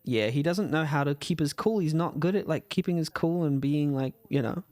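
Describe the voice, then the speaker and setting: A man's voice: a little high, moderate pace, a little mellow, dry recording. A man casually commenting on a game he plays, chatty and wry, often laughing and restarting his sentences. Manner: chatty, giggly, restarts a lot, wry asides. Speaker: let's play gamer. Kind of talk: casual game commentary, reading dialogue aloud.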